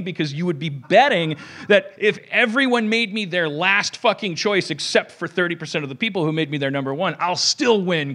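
Male podcast host with a fairly high voice; rambling comic delivery, restarts often, swears, acts out quotes. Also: fairly bright tone. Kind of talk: rambling comedic podcast talk.

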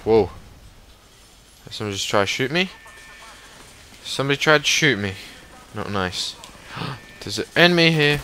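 A young man giving excitable live commentary over a shooter game, sometimes swearing at it. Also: mid-range voice, a little slow, long pauses, a little hiss or hum. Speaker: gaming commentator.

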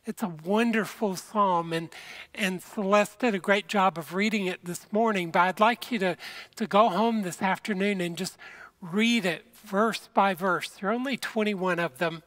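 An earnest pastor delivers a conversational sermon from a church sanctuary and speaks straight to the people watching. The pace is slow and unhurried, and the voice sits at a middle pitch. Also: fairly bright tone.

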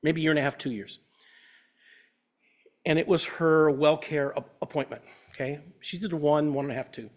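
Earnest pastor with a higher voice. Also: male voice, fairly even intonation, normal speed, long pauses. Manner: earnest, conversational, personal storytelling. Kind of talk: sermon. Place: church.

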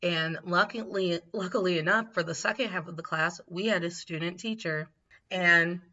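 A podcast co-host with a fairly low-pitched yet bright, forward voice tells stories in a lively, casual chat. She laughs often and acts out what people said, and the recording sounds slightly dull and lo-fi.

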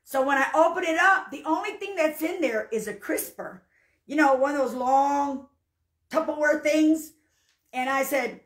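A woman's voice: high voice, normal speed, roomy sound. A woman preacher telling a personal testimony in a folksy, fervent way, often breaking into cries of hallelujah. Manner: folksy storyteller. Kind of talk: spoken testimony and sermon.

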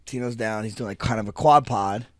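A man co-hosting a podcast, telling a story in casual chat, animated and profane, acting out what everyone said. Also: lowish voice, a little fast, dry recording, clean studio sound. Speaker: podcast co-host.

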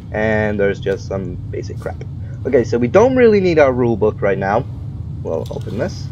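A man's voice: on the low side, big pitch swings, moderate pace, darkish tone, lo-fi sound, a little hiss or hum. Man in a hammy fake Russian accent. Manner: exaggerated put-on Russian accent; playful, gruff border-guard banter. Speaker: let's play host. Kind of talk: gaming commentary. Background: game music.

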